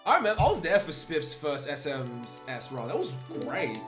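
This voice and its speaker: A young man with a fairly high voice talks loosely and cheerfully to his live viewers as he plays, reminiscing and laughing. Game music plays clearly behind him the whole time. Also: sing-song, brisk, a bit bright. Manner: upbeat, chatty, reminiscing with bursts of laughter. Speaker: speedrunner streaming live. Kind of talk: casual chat with viewers while playing.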